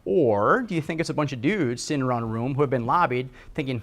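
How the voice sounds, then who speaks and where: A middle-aged man giving a casual, animated health talk to a live audience, often asking them to agree. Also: mid-range voice, fast talker. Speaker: health speaker.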